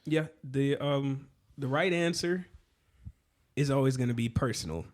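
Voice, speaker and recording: A young man co-hosts a casual podcast with a middle-pitched voice. He is playful and silly, quick to joke, and muses loosely about personal answers. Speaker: podcast co-host.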